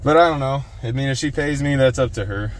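This casual vlog features a young man speaking quickly in a medium-pitched voice. Talking outside and from his car, he rambles, swears, and makes jokes at his own expense.

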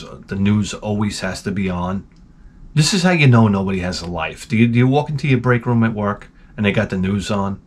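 Animated New guy telling stories. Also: mid-range voice. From New York. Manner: animated, profane, sarcastic asides. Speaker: gaming channel host. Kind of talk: casual rambling storytelling.

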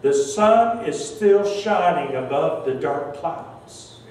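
An older male pastor preaching a sermon, telling a personal story slowly and earnestly, his voice often softening at the ends of phrases. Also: on the high side, animated, a little hiss or hum. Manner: slow, earnest, emotional storytelling with soft trailing endings. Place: large church sanctuary. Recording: very echoey church hall, distant mic.

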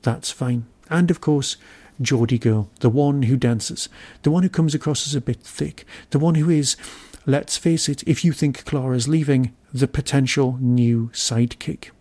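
A man's voice: medium pitch, fairly even intonation, a little slow, hardly any pauses, mellow. A man hosting a podcast, talking through a solo review in a wry, musing way and grumbling at himself now and then. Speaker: podcast host reviewing an episode.

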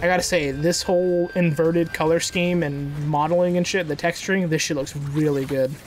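A gamer giving casual let's-play commentary, swearing often, bragging and breaking into excited outbursts while playing. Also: medium pitch, normal speed, a little hiss or hum. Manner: profane, excitable, boastful trash talk with sudden outbursts. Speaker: gamer playing through a platform game. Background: faint game music.

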